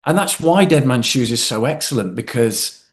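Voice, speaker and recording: A man, an actor chatting as a podcast guest, telling animated anecdotes and laughing often. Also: medium pitch, normal speed. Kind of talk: casual chat.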